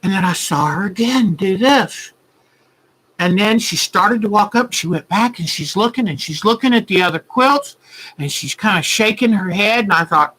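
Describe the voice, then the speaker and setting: A woman's voice: medium pitch, measured pace, fairly bright tone, rough recording. A woman hosting a quilting livestream, telling a story in a heartfelt, earnest way. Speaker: quilting show host.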